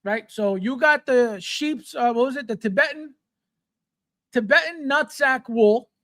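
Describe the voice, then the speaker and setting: A man's voice: extremely high pitch, unhurried, pushed and bright, no echo, clean studio sound. A middle-aged man hosting a live chat show, ranting bluntly, mocking fans in put-on voices, and swearing freely. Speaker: host.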